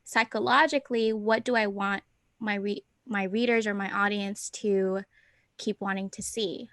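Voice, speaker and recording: A woman's voice: medium pitch, measured pace, dry recording. A woman co-hosting a podcast, chatting casually and thinking aloud as she talks. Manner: talkative, animated, thinks aloud. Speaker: podcast co-host. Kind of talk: casual chat.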